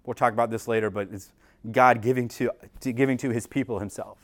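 A man's voice: mid-range voice, fairly even intonation, quick pace. A man preaching in a conversational way, asking the congregation many rhetorical questions and often repeating words as he restarts his sentences. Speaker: pastor. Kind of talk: sermon.

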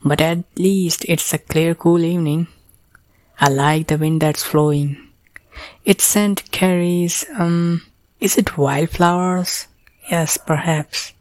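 A weary, lazy young man from a storybook who mumbles and sighs as if half asleep, as a woman reads him. He speaks low and unhurried, in a dry, close recording. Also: steady tone, a little mellow, no room sound. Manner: sighing, mumbling, world-weary.

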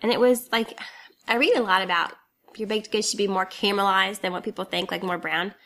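A woman's voice: medium pitch, fairly even intonation, fairly quick, fairly bright tone, poor audio. A woman co-hosting a baking podcast, chatting casually with lots of "like" fillers and frequent laughs. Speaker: podcast co-host. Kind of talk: casual chat about baking.

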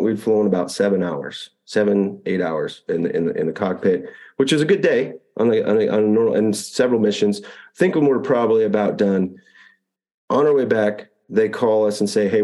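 A man with a fairly low, mellow voice tells an old combat flight story in a relaxed interview. He acts out the radio calls as he goes and often restarts his sentences. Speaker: Apache pilot telling a war story.

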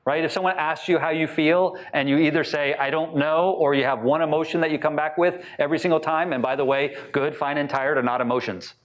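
A man giving a talk to a live audience, asking them many questions and acting out short quotes in lively voices. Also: on the high side, a little fast, few pauses. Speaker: speaker teaching on attachment styles.

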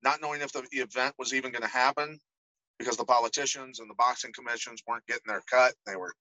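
The audio is poor with no echo, carrying a mid-range male voice at a quick pace. This middle-aged podcast guest, once a fighter, spins stories in a relaxed interview, lively and voicing each quoted character himself.

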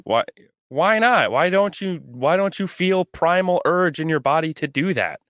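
A man's voice: on the high side, expressive, a little slow, a bit bright, no room sound, studio quality. A young man co-hosting a podcast, telling a rambling, profane story in casual chat. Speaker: podcast co-host.

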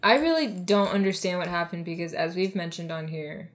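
A woman's voice: fairly low pitch, animated, a little fast. A woman co-hosting a podcast in casual chat, talking with many fillers and restarts. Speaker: podcast co-host.

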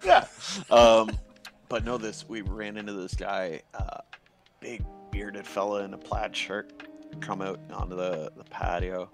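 A man's voice: fairly low pitch, level tone, unhurried, gravelly, faint music behind. A man in casual chat, laid-back, swearing often and laughing a lot.

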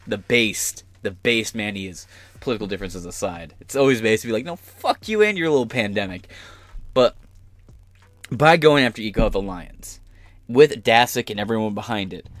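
A man's voice: fairly low pitch, a bit bright, no room sound. A man hosting a podcast, delivering heated, sarcastic political commentary full of profanity. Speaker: podcast host.

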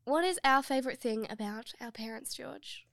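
A woman's voice: high voice, normal speed, creaky, fairly bright tone, no room sound, studio quality. A young woman co-hosting a podcast, asking her mum questions in a casual family chat. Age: young adult. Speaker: podcast co-host.

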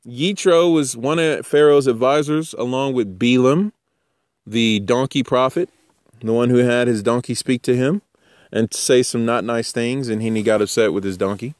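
A man preaching an informal sermon, animated and jokey, acting out the people he quotes. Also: mid-range voice, moderate pace, no room sound, studio quality. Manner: animated, jokey, acts out voices.

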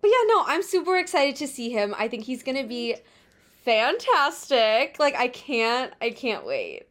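A woman's voice: high voice, big pitch swings, a little slow, a bit bright. A young woman in her twenties, co-hosting a casual pop-culture podcast and recounting events in a chatty, breathless way. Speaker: podcast co-host.

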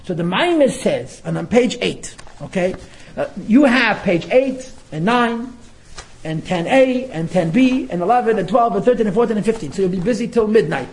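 A man teaching a text-study class, talking in an animated way, often laughing and acting out what people say. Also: high voice, normal speed, a little hiss or hum, poor audio. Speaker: Torah teacher.

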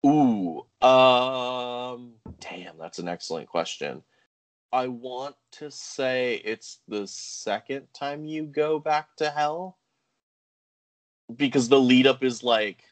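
A man's voice: medium pitch, takes it slowly, no echo. A man co-hosting a casual game review podcast, rambling with lots of "like" and "um". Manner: rambling, full of "like" and "um". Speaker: podcast co-host.

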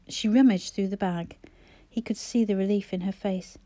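Mellow woman narrating a novel. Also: mid-range voice, steady tone, normal speed, hardly any pauses. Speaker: audiobook narrator. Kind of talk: scripted narration.

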